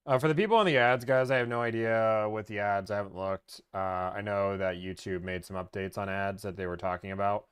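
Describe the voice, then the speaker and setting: Playful car-deal streamer; smooth voice, dry booth sound. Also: male voice, on the low side, steady tone, a little fast, hardly any pauses, dry recording. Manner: playful, joking, upbeat. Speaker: host negotiating car deals live. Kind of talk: live-stream commentary and phone negotiation.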